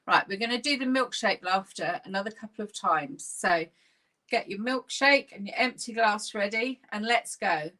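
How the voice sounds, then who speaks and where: A woman's voice: medium pitch, expressive, moderate pace, sharp tone. A woman leading a laughter yoga class, giving upbeat, encouraging instructions while she sits. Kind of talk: guided exercise class.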